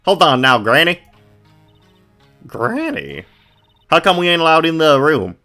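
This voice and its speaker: A man's voice: medium pitch, wildly swooping pitch, measured pace, vocal fry, pushed and bright, soft background music, voice pushed up, exaggerated voice. A man voicing a brash, pushy Southern woman photographer in a game, talking in a folksy drawl with country slang. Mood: brash excited.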